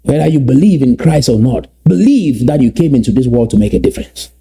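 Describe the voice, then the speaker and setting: A man from Southern Cameroons, giving an emphatic motivational address that repeats and slowly stresses key phrases. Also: mid-range voice, animated, mellow, slightly rough. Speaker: activist speaker.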